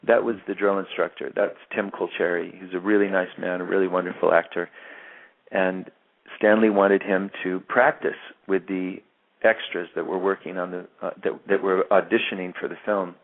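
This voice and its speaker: This actor, in his fifties, gives an interview and tells a lengthy tale at normal speed, his gravelly, very deep voice barely shifting in pitch. Searching for words, he often restarts and repeats himself, and the recording has a thin, phone-like narrowness.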